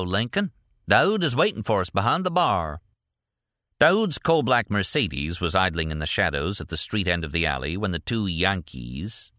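A man narrating an audiobook in a steady, deliberate reading voice. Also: deep voice, no room sound, clean studio sound. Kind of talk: scripted narration.

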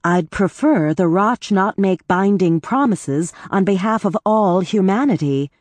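A woman's voice: mid-range voice, lively intonation, unhurried, darkish tone, no echo. A woman reading an audiobook, voicing a bitter, sarcastic woman with a sardonic, scornful manner. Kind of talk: audiobook character voice.

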